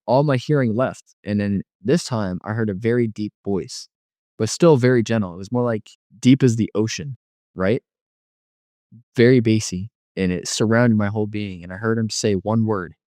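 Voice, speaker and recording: A man's voice: fairly low pitch, a little mellow, dry recording, clean studio sound. A man giving a personal testimony as an interview guest, rambling and filling his speech with frequent "you know.". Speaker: guest telling his life story.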